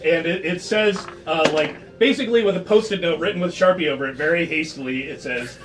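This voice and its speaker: Excitable high-voiced man, off mic. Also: fairly quick, recorded from a distance, background noise. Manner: excitable, loud bursts, laughs often. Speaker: player. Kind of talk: tabletop game play. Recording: off mic with music playing behind.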